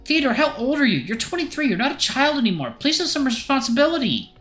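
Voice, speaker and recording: A man's voice: very high voice, very animated, quick pace, fairly bright tone, faint music behind, pitched above the performer's own voice, heavily acted. A man voicing a worried, scolding middle-aged mother. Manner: scolding, exasperated.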